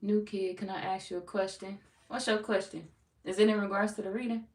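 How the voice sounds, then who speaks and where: A woman with a St. Louis, Missouri accent chats loosely with her livestream viewers, playful and profane. Her voice has a gravelly fry to it. The sound is roomy and echoey, picked up from some distance. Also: medium pitch, steady tone, a little fast, darkish tone. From Saint Louis, Missouri. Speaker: tarot reader hosting a livestream. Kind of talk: casual livestream chat greeting viewers. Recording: roomy echo, mic at a distance.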